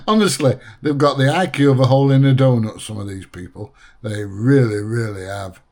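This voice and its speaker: A man's voice: mid-range voice, moderate pace, a little mellow. A man hosting a reaction video, chatty and blunt with a lot of laughter. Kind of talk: reaction commentary.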